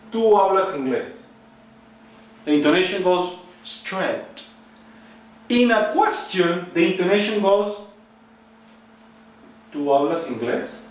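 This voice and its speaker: Male language teacher, animated, prompting students, voice a little high; roomy and distant recording. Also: slight background noise. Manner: lively, coaxing questions to students. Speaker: Spanish teacher. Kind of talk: recorded online lesson. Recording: very echoey room, mic at a distance.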